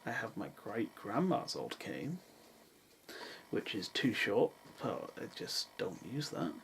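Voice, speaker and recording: A man's voice: lowish voice, sing-song, slow pace, gravelly, fairly bright tone, a little hiss or hum, poor audio. A young man chatting casually into his camera at his parents' country house, making dry, self-mocking asides. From England. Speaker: vlogger. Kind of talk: casual vlog chat.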